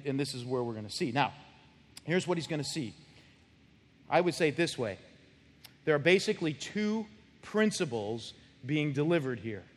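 A man preaching a sermon as pastor, acting out little scenes with shifting voices. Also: mid-range voice. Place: church sanctuary. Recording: long church hall reverb.

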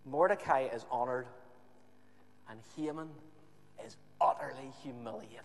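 A man preaching a sermon, retelling a scripture story with animated, emphatic repetition. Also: medium pitch, unhurried, vocal fry, pauses often. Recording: echoey hall.

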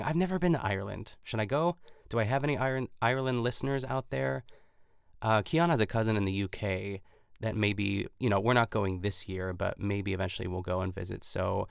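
A man's voice: fairly low pitch, vocal fry, clean tone, dry recording, clean studio sound. A man hosting a podcast, chatting casually as he recaps a cooking show, rambling and sometimes losing his place. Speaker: podcast host.

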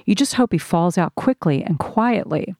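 A woman narrating a first-person audiobook in a slow, measured reading. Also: on the low side, animated, a little mellow, no echo, clean studio sound.

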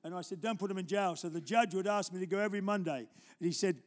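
An older man preaching a live church sermon, telling stories and moving between loud exhortation and quiet, tender asides. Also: high-pitched, quick pace. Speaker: pastor. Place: church auditorium.

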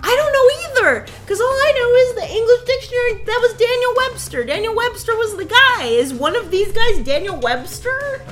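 A woman's voice: extremely high pitch, animated, normal speed, hardly any pauses, music in the background. A woman co-hosting a podcast in casual, chatty talk, laughing often and stretching out her asides. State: tipsy. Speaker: podcast co-host. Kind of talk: casual chat.

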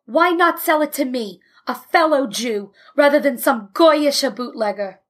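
A woman reads the part of a proud, stubborn father from an audiobook, a man quick to anger who speaks bluntly. The voice sits a little high. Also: natural voice. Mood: angry. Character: stubborn proud middle-aged male father.

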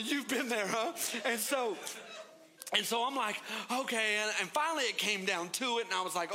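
A man preaching from the pulpit with a high, bright voice. He tells stories with playful energy and slips into the voices of the people in them, sometimes leaping up in pitch. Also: moderate pace. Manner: animated, playful, acts out voices in his story. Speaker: pastor. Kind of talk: sermon with storytelling.

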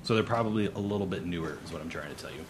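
A man's voice: low voice, rapid-fire, slight background noise. A man narrating a tabletop game as game master, in a casual, rambling way with frequent self-corrections.

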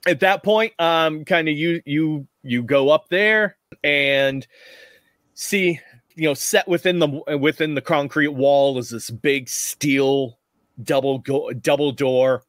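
A man narrating as game master of a tabletop game, relaxed and rambling with frequent laughs. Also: on the high side, slow pace, dry recording, clean studio sound.

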